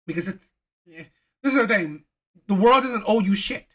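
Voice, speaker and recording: A man's voice: high-pitched, animated, a little slow, fairly bright tone. A man hosting a reaction channel, ranting heatedly with frequent profanity and repeated phrases. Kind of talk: reaction commentary rant.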